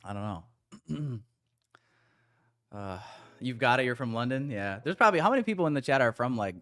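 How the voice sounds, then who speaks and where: A man's voice: mid-range voice, a bit bright. An American man hosting a trading livestream, chatting casually and reading comments from the chat. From United States.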